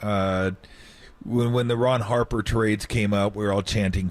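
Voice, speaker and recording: With a lowish, unhurried voice, this middle-aged man appears as a guest on a radio sports program, recalling his days as a basketball player. He's an animated storyteller who performs the quotes and keeps breaking into laughter.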